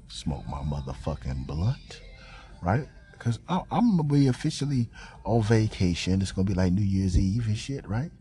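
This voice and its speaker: A man hosting a podcast, telling a profane, animated rant about his job in a casual venting monologue. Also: lowish voice, moderate pace. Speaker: podcast host.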